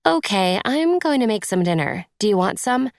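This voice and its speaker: A woman narrator voicing a caring young female friend in an audiobook, speaking softly and reassuringly. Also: medium pitch, big pitch swings, moderate pace, no echo, studio quality, voice pushed up. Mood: gentle. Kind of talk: audiobook character voice.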